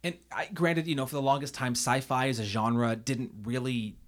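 A man's voice: mid-range voice, normal speed. A man co-hosting a casual film podcast, hesitant and stammering through restarts as he talks. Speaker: podcast co-host.

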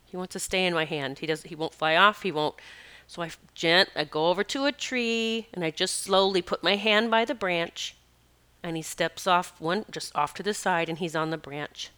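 A woman with a bright, ringing voice tells a personal story in a loose, chatty way. She drifts into asides and fills her speech with "you know." Her tone stays clean and crisp. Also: fairly low pitch, moderate pace. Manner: rambling and conversational, with many asides and "you know". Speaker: animal communicator and healer.

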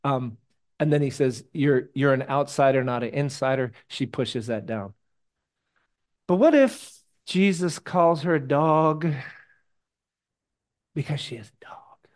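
Preaching in an animated, conversational style, a male pastor tells jokey personal stories, drops into hushed asides and breaks into sudden loud bursts. He speaks unhurriedly at a medium pitch.

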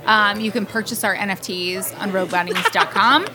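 A woman's voice: medium pitch, fairly even intonation, fairly quick, a crowd in the background. A woman on a podcast panel who runs the social media, chatting in an upbeat, promotional way. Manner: upbeat, promotional, gives instructions. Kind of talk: casual chat.

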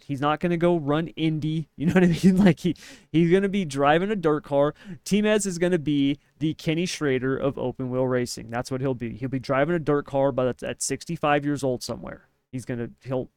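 A man's voice: fairly high pitch, clean tone, no echo. A man co-hosting a podcast in casual opinion chat, emphatic and ranting, often tagging his points with "right?". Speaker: podcast co-host.

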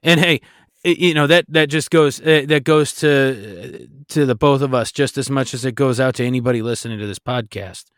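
A man's voice: mid-range voice, brisk, no room sound, clean studio sound. A man co-hosting a faith-based podcast, talking in an earnest, exhorting way with frequent restarts. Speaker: podcast co-host.

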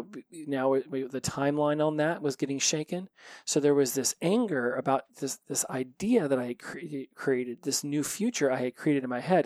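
A man's voice: mid-range voice, darkish tone, no echo. A man hosting a solo podcast, talking in a frank, reflective way and swearing freely. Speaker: podcast host. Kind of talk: candid solo podcast monologue.

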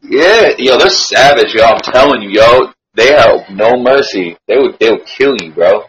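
A man telling a story in a casual chat, slangy, animated and swearing freely. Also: mid-range voice, moderate pace, highs cut off, a little hiss or hum.

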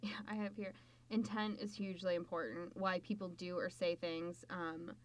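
A woman chatting casually about a book, reading from her notes and reacting with quick agreements. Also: lowish voice, flat delivery.

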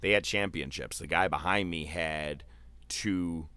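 A man telling a long story in casual podcast chat, loose and animated, with swearing and filler words. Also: low voice, a little slow, clear, resonant tone, no room sound.

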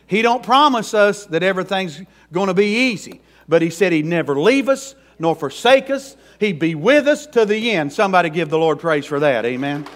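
High-voiced, emphatic preacher man. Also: lively intonation, normal speed, few pauses. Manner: folksy, emphatic preaching with rural dialect. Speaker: pastor. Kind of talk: sermon.

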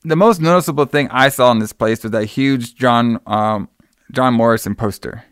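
Easygoing man with a smooth, resonant voice who rambles through a movie recap, full of fillers and swearing. The sound is dry and close. He speaks at a mid pitch. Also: normal speed, a bit bright, dry recording. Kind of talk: casual movie recap chat.

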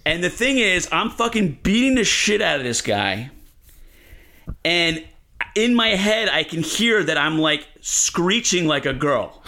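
A male comedian with a high-sitting voice guests on a podcast, telling a story at a measured pace. He's animated and profane, with plenty of filler words.

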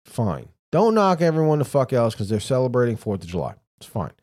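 A man's voice: medium pitch, huge pitch swings, fairly quick, darkish tone. A man co-hosting a casual podcast chat, ranting and mocking with heavy swearing. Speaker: podcast co-host.

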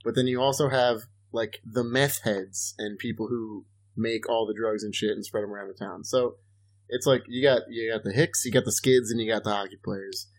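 A man's voice: lowish voice, fairly even intonation, moderate pace. A man chatting casually as a podcast co-host, rambling and swearing, with lots of fillers. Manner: rambling, profane, loose storytelling with lots of fillers. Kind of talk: casual chat.

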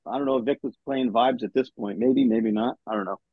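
A veteran man spins profane, animated stories about his old band days, his voice gravelly and a bit husky. He sits slightly high in pitch for a man. The call audio is dull and dry. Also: a little fast, no echo. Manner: animated, profane, laughing storyteller. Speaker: veteran guest. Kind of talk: casual storytelling.

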